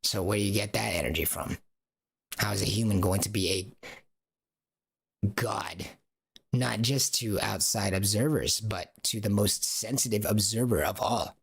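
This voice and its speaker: A man's voice: fairly low pitch, measured pace, gravelly, long pauses, fairly bright tone, slightly rough. A man talking alone on a livestream, rambling and asking rhetorical questions. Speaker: streamer. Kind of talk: casual livestream monologue.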